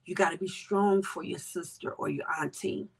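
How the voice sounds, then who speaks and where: A woman hosting a podcast, talking earnestly and with emotion, sometimes dropping to a soft whisper. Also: lowish voice, normal speed, husky. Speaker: podcast host. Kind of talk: candid personal reflection.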